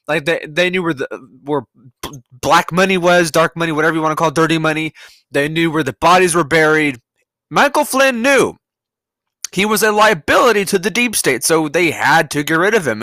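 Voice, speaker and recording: A man's voice: a little high, sharp tone, no room sound. A man hosting a podcast, ranting profanely in a rambling solo monologue that keeps digressing. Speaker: podcast host. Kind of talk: solo political rant monologue.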